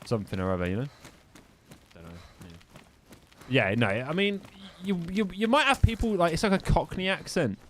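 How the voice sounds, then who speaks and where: A young man from the English Midlands with a neutral English accent and a slightly high, very animated voice chats casually while streaming a game at normal speed. He swears and jokes in banter with his chat, and there's a little hiss or hum.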